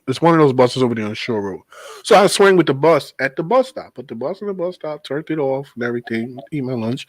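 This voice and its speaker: A man hosting a casual talk show, a bus driver telling stories in an animated, profane way. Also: medium pitch, dry recording, poor audio. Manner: animated storytelling, swears freely, laughs. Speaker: podcast host, bus driver. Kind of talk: casual chat.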